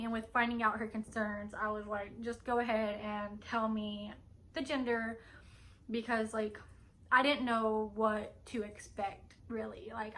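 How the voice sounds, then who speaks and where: Chatty young woman with a bright voice. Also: a little high, a little hiss or hum. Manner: chatty, rambling, many fillers. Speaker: vlogger. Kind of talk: casual vlog update. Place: home at night. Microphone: camera on a stand.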